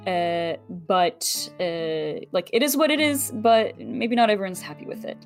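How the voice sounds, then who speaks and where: A woman player talking through her character's world in a loose, casual way, with many pauses and fillers. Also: medium pitch, lively intonation, faint music behind. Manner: thinks aloud with many fillers.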